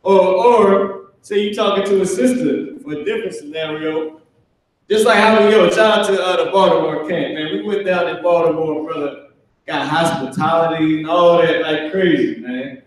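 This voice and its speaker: A man teaching a live online language class, talking casually with slang and spelling out words slowly for students. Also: a little high, recorded from a distance. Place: classroom with a board. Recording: echoey room, off-mic.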